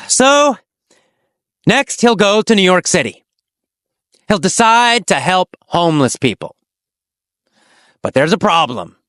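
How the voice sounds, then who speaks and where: A man teaching an English lesson, telling a story slowly with exaggerated, animated delivery and shouted quotes. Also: high voice, no room sound, clean studio sound.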